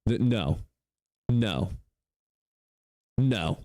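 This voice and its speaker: A sarcastic man hosts a live stream and reacts to callers and chat with casual swearing. His voice sits fairly low, yet his pitch jumps all over as he jokes. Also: expressive, drawn-out words, mellow, dry recording. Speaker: livestream debate host.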